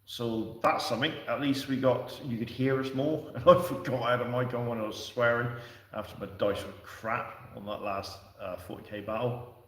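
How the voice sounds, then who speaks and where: A man's voice: mid-range voice, fairly even intonation, moderate pace, fairly bright tone. Chatty man in an echoey room. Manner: chatty and rambling, answering viewers with restarts and fillers. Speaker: livestream host. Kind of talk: casual livestream chat. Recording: echoey room, distant from the mic.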